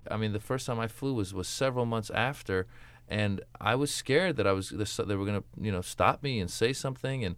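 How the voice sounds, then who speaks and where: A young adult man, a stand-up comic, talking casually in an interview about his act, lively and joking. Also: lowish voice, smooth, dry recording. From United States. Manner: lively, does quick voices in jokes.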